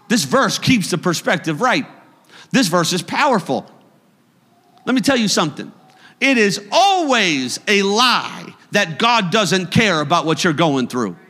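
A man preaching a sermon as pastor in a church, moving between emphatic bursts and quiet reflection. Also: high voice, big pitch swings, measured pace, in a large hall.

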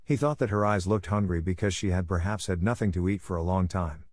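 Low-voiced man reading a classic. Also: brisk, darkish tone, dry recording. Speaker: narrator. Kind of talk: audiobook reading of a classic novel.

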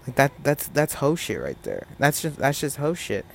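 A young man hosting his own podcast, ranting in a profane, animated way. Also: fairly high pitch, moderate pace, creaky, slight background noise. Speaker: podcast host. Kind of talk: solo podcast rant.

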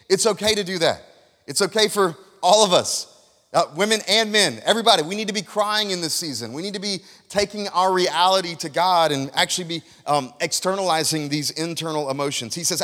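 A man's voice: a little high, moderate pace. Emphatic male preacher in a reverberant hall. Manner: animated, emphatic preaching with repeated phrases. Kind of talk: sermon. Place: church hall.

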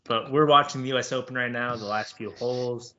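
A young man hosts a sports podcast in a mid-range voice, steady and sharp in tone and a little fast. He chats casually in a loose, rambling way full of fillers. The audio is dull, lo-fi podcast quality.

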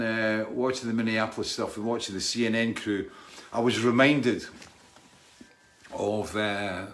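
A middle-aged man from Britain hosting a casual live stream, rambling with restarts and reading out viewers' names. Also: lowish voice. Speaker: livestream host.

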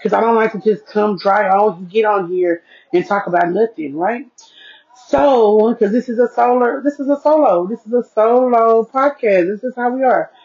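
Folksy solo podcast chat from a woman seated at home with her devices, her fairly high voice a little mellow and her speed normal. She talks into an earpiece mic, often checking in with "okay?", and the recording comes across dull and lo-fi.

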